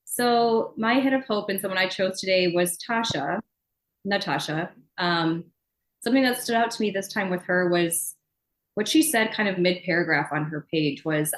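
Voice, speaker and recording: Earnest woman with a low voice. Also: normal speed, roomy sound, rough recording. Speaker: podcast co-host. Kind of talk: casual podcast chat.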